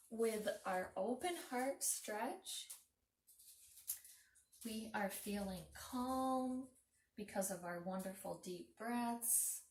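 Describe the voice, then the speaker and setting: A woman leading young children through a breathing lesson in a soft, encouraging voice that sometimes drops to a whisper. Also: medium pitch, lively intonation, extremely slow, slight background noise. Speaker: children's librarian leading a mindfulness story time. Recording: roomy home recording from a distance.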